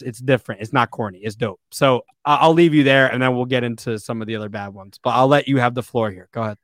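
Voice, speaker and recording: A young man co-hosting a sports podcast, ranting in an animated, exasperated way and saying he is losing his voice. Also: medium pitch, no room sound, clean studio sound. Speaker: podcast co-host. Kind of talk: casual sports podcast rant.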